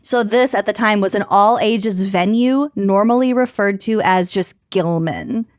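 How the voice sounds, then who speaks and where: A woman's voice: medium pitch, unhurried, a little mellow, clean tone, dry recording, studio quality. A woman from Minnesota co-hosting a podcast, reading quotes from an article and riffing on them in casual chat. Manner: reads quotes aloud, then riffs casually with crude jokes. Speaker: podcast co-host.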